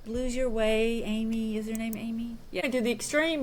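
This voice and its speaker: Chatty woman with a slightly high voice. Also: normal speed, slight background noise. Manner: chatty, sardonic, lots of "like". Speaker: podcast co-host. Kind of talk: casual chat.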